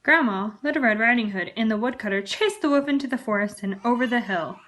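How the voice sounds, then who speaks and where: Lady reading a kids book out loud, gentle and expressive, a bit high. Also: a little fast. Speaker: storyteller reading to children. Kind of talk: children's book read-aloud.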